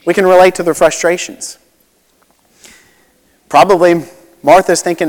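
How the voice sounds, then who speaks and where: Conversational pastor in a reverberant hall. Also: male voice, high-pitched, steady tone, a little slow, pauses often, darkish tone. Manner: conversational, relatable, with many asides and restarts. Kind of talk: sermon.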